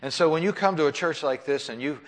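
A male pastor preaching an impassioned sermon in a church, swinging between loud pleading and hushed, soft tones. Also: fairly high pitch, fast. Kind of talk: sermon with altar call. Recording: long church reverb.

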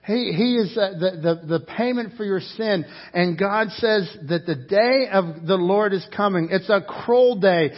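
A man's voice: high voice, measured pace, few pauses, dull audio. A man preaching a sermon, passionate and emphatic, often repeating words as his intensity rises and falls. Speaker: pastor.

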